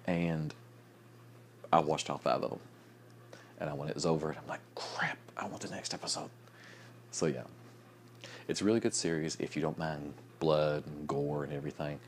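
A young man chatting casually in a late-night vlog, sleepy and yawning, rambling with restarts and soft chuckles. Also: extremely low pitch, fairly even intonation, brisk, a little hiss or hum. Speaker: vlogger.

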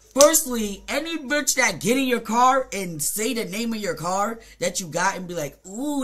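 A streamer from Jamaica with a Jamaican accent, telling a story in a casual, profane, rambling rant full of fillers and quick mimicked asides. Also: medium pitch, bright, forceful tone. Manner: mimics other people in short quoted asides.

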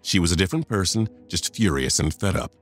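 A man's voice: low-pitched, expressive, a little fast, faint music behind. A man in his fifties narrating a first-person story, confiding and talking straight to the listener.

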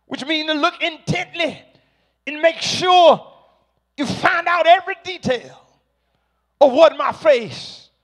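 A man preaching a sermon to a congregation, slow and emphatic, rising to shouted peaks. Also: very high voice.

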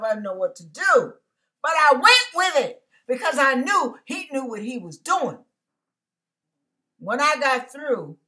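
Woman, home-recorded online preacher; slow, bright delivery with a preaching cadence. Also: a little high. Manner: animated, emphatic, repetitive preaching cadence. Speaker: online Christian teacher. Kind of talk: testimony preaching. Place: her living room. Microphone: computer mic.

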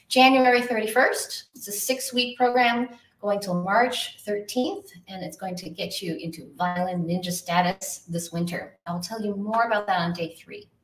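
A woman's voice: mid-range voice, far from the mic. Upbeat woman teaching violin in an echoey room. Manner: chatty, upbeat, answers viewers by name. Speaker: violin teacher hosting a livestream. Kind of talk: live online lesson, reading chat. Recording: echoey room, voice from off the mic, faint hiss.

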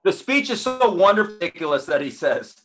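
A comedian co-host riffs sarcastically, his pitch bouncing a lot. His voice is bright and forceful, set a little high. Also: very animated, quick pace. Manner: sarcastic riffing. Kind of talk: casual podcast chat.

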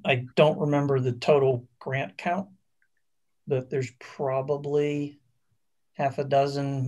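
A man's voice: medium pitch, darkish tone. A man professor on a university panel, folksy and wry, with hesitant restarts. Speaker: chemical engineering professor, panelist. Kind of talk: panel discussion.

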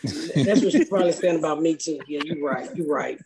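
A woman's voice: deep voice, brisk, vocal fry, a crowd in the background. A woman comedian telling brash, profane stories in casual podcast chat, acting out the people she quotes. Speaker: comedian host.

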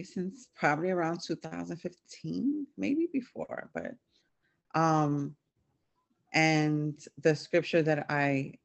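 Gravelly, flat-voiced woman reading a devotional. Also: low voice. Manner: hesitant, frequent fillers. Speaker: devotional reader.

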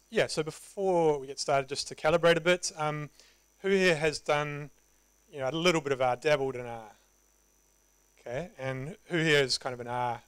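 Relaxed New Zealand man giving a talk. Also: fairly high pitch, clean tone, dry recording, low-quality recording. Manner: relaxed, conversational, self-deprecating humor. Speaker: conference presenter. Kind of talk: casual live tech talk. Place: meetup presentation room.

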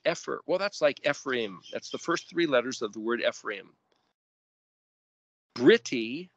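A man teaching scripture verse by verse, spelling out Hebrew letters and word roots deliberately and rising sharply when stressing commands. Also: mid-range voice, a bit bright, dry recording, dull audio. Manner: emphatic rises on commands. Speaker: Bible teacher.

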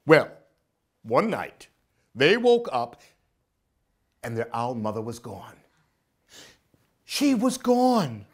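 Woman librarian, storytime read-aloud, very lively sing-song pitch, lowish voice. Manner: animated, expressive read-aloud voice. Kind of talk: children's storytime reading.

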